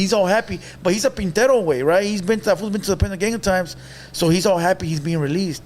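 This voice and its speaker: A man's voice: fairly high pitch, fast, a little hiss or hum. A young man, casually telling a story on a podcast and mixing in Spanish slang. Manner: animated storyteller, mixes Spanish slang, acts out quotes.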